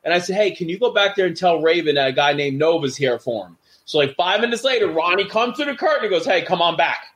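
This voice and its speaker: Animated middle-aged man telling stories. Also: fairly high pitch, fast talker, few pauses. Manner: animated, acts out quoted voices. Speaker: guest, former wrestler. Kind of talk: casual storytelling.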